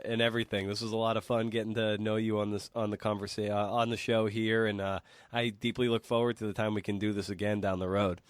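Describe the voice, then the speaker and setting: A man hosting a podcast in a casual chat, sounding tired and laid-back in a hushed morning voice. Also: lowish voice, smooth, no echo. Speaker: podcast host. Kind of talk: casual interview chat and outro. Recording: music bed behind the voice. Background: guitar music.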